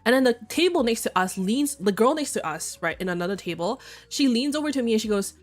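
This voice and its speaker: A young woman streaming, talking casually and candidly, swearing freely and breaking into excited shrill outbursts. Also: fast talker. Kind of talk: casual chat.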